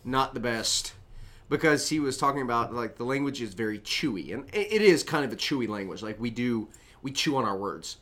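Male podcast co-host, bright, forward tone, rambling and animated delivery. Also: medium pitch, fairly quick. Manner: rambling, animated, laughs often. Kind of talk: casual chat.

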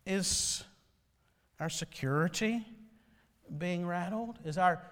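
A man's voice: high voice, slow pace, a bit bright. A man preaching a sermon as a pastor, earnest, piling up rhetorical questions and addressing the congregation directly. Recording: long hall reverb.

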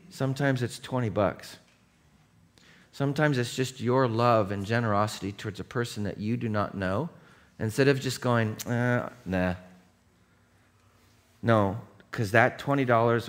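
A man in his thirties, a pastor giving a conversational, storytelling sermon that builds into impassioned preaching. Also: mid-range voice.

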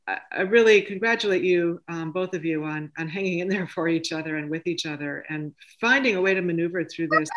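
A host leading a live interview in a measured way, often restarting phrases. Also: medium pitch, a bit bright.

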